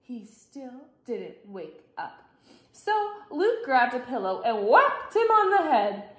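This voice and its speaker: A young woman teacher reading a children's picture book aloud, expressive, with big shouted lines for the characters. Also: on the high side, takes it slowly. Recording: echoey room.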